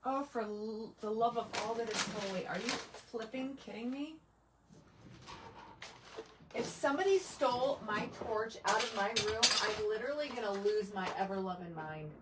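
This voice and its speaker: A woman's voice: mid-range voice, moderate pace, heavy background noise. A woman hosting a casual crafting livestream, exasperated and talking to herself and her chat as she works.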